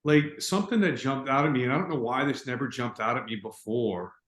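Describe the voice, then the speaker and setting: A man's voice: medium pitch, brisk, fairly bright tone. A man hosting a podcast, reflective and informal in casual chat. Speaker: podcast host. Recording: echoey room.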